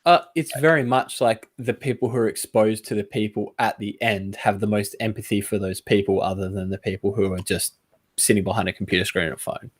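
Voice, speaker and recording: A man's voice: lowish voice, a little fast. A man co-hosting a car podcast, chatting casually over a video call and jumping in eagerly. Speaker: podcast co-host.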